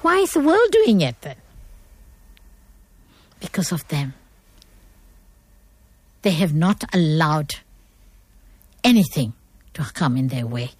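A woman's voice: sits low, sing-song, takes it slowly, long pauses, breathy edge, no room sound. Middle-aged woman, guest speaker, earnest lecturing tone, very dry voice. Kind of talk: motivational talk on manners.

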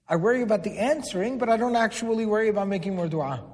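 A man's voice: sits high, lively intonation, fast, a little mellow. A man giving a religious lecture to a live audience, quizzing them and repeating key words for emphasis. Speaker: religious teacher. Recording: long hall reverb.

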